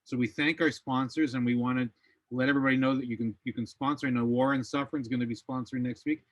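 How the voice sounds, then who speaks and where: A man acting as service organizer, making announcements in an unhurried way, halting with fillers. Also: medium pitch, fairly even intonation, no room sound, poor audio.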